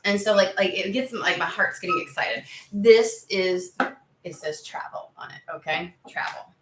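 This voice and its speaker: A woman giving a casual tarot reading to her viewers, chatty and excitable, swearing freely and talking through plenty of fillers. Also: medium pitch, normal speed, echoey room, noisy background. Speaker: tarot reader.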